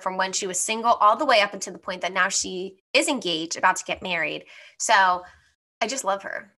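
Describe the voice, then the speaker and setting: A young woman co-hosting a podcast, chatting casually and peppering her talk with "like." Her voice is bright and forward, with an easy, everyday pitch. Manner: chatty, frequent "like" fillers. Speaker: podcast co-host. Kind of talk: casual chat.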